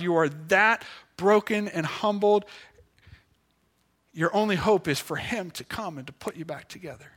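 A man preaching a sermon as pastor, earnest and pleading, slowing for emphasis and dropping to a hush. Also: high-pitched.

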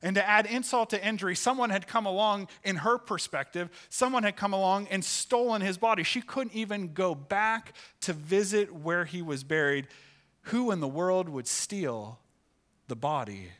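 Male pastor, sermon delivery, expressive storyteller, bright tense tone. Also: normal speed. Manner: expressive, pitch rises for acted quotes. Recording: church sanctuary, live sermon.

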